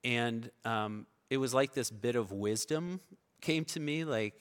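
A male pastor delivers a sermon in a relaxed, storytelling manner, his voice moving between soft asides and louder bursts. His pitch sits mid-range for a man. The sound carries the long reverb of a big church hall. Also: a little slow, clean tone. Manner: conversational storytelling, varying loud and soft.

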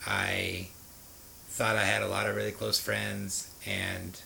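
A man's voice: lowish voice, monotone, slow, vocal fry, sharp tone, slight background noise, low-quality recording. A man frankly telling the story of his past drug use, rambling with fillers and restarts. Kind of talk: candid personal storytelling.

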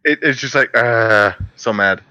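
A young man from Louisiana in casual podcast chat, telling stories with quick silly voices. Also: medium pitch, smooth, no room sound. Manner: animated storyteller doing quick silly voices.

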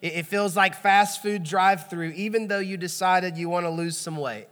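In a church auditorium with long hall reverb, a man preaches a sermon as pastor. His voice is high-pitched and a bit bright, at a normal speed, and he chats with the congregation conversationally, prompting them to respond.

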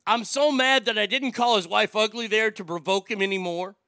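Gravelly, high-voiced man on a rant. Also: a little fast, pushed and bright, no room sound, studio quality. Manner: heated, swearing, indignant. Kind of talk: profane storytelling rant.

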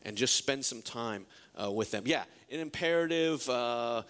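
A man's voice: medium pitch, unhurried. A male pastor preaching a sermon in a joking way, asking the congregation many questions. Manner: lively, joking, rhetorical questions.

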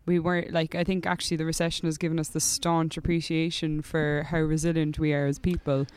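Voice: mid-range voice, little pitch movement, brisk, darkish tone, smooth. An Irish guest on a podcast, chatting casually and filling speech with "like". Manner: chatty, lots of "like" fillers.

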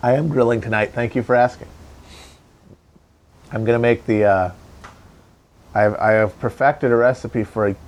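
A man's voice: medium pitch, fairly even intonation, normal speed, pauses often, a little mellow. A man hosting a casual, rambling political commentary, sardonic and profane. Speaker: commentator host.

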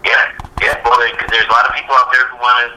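A man's voice: mid-range voice, flat delivery, quick pace, sharp tone, slight background noise. An older man, a guest actor, telling rambling stories with lots of fillers and restarts over a tinny phone line. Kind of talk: interview storytelling.

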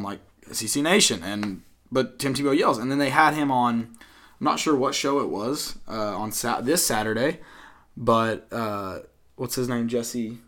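Rambling young male sports podcaster. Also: medium pitch. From Tennessee, US. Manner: rambling, many fillers, mock-yells impressions. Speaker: podcast co-host. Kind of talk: casual sports chat.

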